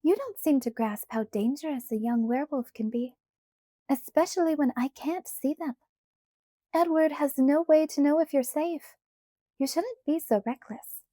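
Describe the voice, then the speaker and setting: A woman puts on a bubbly teenage vampire girl who trills her words in a lilting sing-song, pitched well above a warm, mellow base. She sounds pushy and breezy at once, like a storybook character who always gets her way. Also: normal speed, no room sound, studio quality, close to an everyday voice. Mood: scolding.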